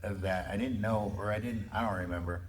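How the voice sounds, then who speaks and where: A man's voice: on the low side, fairly even intonation, a little fast, crowd noise. A middle-aged man, a coach and father, chatting casually and telling stories in a laid-back, self-mocking way. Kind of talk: casual chat.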